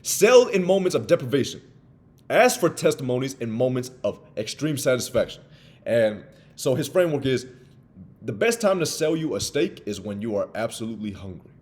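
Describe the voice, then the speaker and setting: An energetic young man coaching on sales straight to camera. He talks with lively energy and slips into little acted dialogues with customers. His voice sits at an everyday middle pitch. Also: normal speed. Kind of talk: motivational talk to camera.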